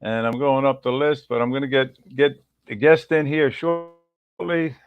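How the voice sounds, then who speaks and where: A man's voice: mid-range voice, fairly even intonation, a little slow, clean tone, no room sound, phone-quality sound, soft background music. A man hosting a casual livestream, rambling and greeting viewers in the chat one by one. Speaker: livestream host.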